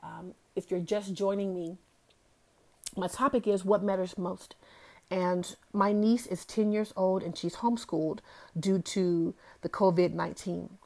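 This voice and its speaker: A woman's voice: mid-range voice, fairly even intonation, measured pace, gravelly, mellow. A woman hosting a casual motivational talk. She speaks earnestly and repeats key phrases for emphasis. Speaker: host of a talk series.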